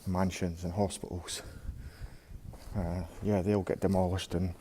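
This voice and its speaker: Guy rambling on an outdoor explore, deep flat voice, noisy camera audio. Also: unhurried. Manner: casual, rambling, talks to viewers as guys. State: a bit out of breath. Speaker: urban explorer vlogger. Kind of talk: walking tour commentary. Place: outdoors at an abandoned brickworks.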